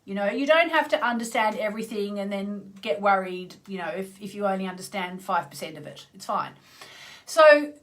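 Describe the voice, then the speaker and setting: Woman, mid-pitched, chatty live-stream astrologer who greets viewers and clears her throat often. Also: lively intonation, moderate pace, fairly bright tone. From Australia (Tasmania). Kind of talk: casual live-stream chat.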